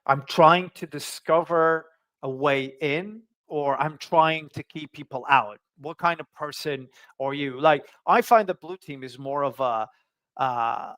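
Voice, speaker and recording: A man's voice: on the high side, unhurried, a bit bright, no room sound. A man speaking as a guest in a casual interview over a video call. He talks with many fillers and restarts. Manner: hesitant, full of fillers and restarts.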